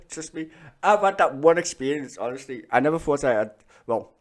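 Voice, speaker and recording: A man's voice: on the high side, lively intonation, moderate pace. Swearing Scouse man ranting. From Liverpool, England. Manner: heated, profane and blunt. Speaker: streamer reacting to videos. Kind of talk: casual ranting commentary.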